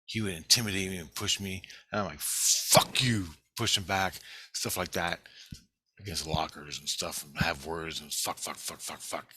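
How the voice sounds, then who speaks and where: Middle-aged man, low voice, bright tone, dry close sound, swearing, rambling storytelling. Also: normal speed, breathy edge, no room sound. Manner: profane, rambling, animated when excited. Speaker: vlogger. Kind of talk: casual storytelling monologue.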